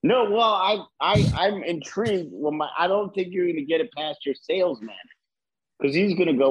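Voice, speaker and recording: A man co-hosting a casual podcast chat, an animated storyteller with a husky voice who swears freely. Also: high-pitched, normal speed, highs cut off.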